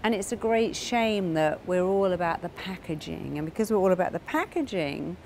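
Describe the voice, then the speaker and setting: A woman's voice: fairly low pitch, expressive, normal speed, gravelly, darkish tone, a little hiss or hum. A middle-aged woman therapist speaking earnestly to camera, acting out the voices of parents and clients as she tells their stories. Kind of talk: talking to camera about therapy.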